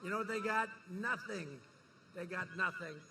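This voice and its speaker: A man delivering a campaign rally speech in a high, intensely forceful voice. He talks in a boastful, repetitive way, pushing to rouse the crowd. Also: normal speed, vocal fry, a little hiss or hum. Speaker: politician speaking at a campaign rally.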